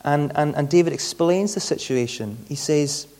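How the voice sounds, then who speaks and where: A man's voice: a little high, normal speed, a little mellow. A man preaching a sermon in a conversational way, often repeating words as he searches for the next phrase.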